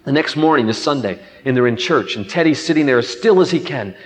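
A man's voice: mid-range voice, expressive, fast, in a large hall, poor audio. A man preaching a sermon and telling a children's story, acting out its voices.

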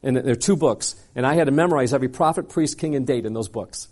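A man preaching a sermon, telling a personal story with lively drama, moving from loud punchy lines to quiet low asides. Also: fast talker. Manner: animated, dramatic storyteller who acts out dialogue.

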